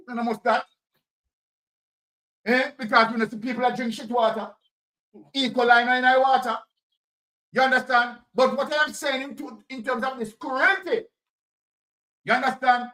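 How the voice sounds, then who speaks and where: A man's voice: very high-pitched, sharp tone, poor audio. A Jamaican man giving fiery, repetitive political commentary straight to his audience.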